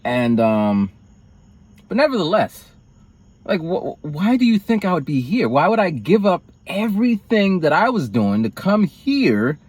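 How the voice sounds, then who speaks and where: A man's voice: high voice, a little slow, breathy edge. A man telling a personal story in a rambling vlog, acting out other people's lines with big swings of voice. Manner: rambling, animated, acts out quoted lines in raised voices. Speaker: vlogger.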